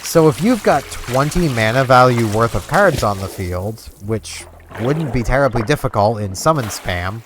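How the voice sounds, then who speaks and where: Brief: male gaming vlogger, lively pitch, rambling casual chat, game music under it. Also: moderate pace, hardly any pauses. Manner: rambling, many "like"s and restarts. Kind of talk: casual chat over gameplay.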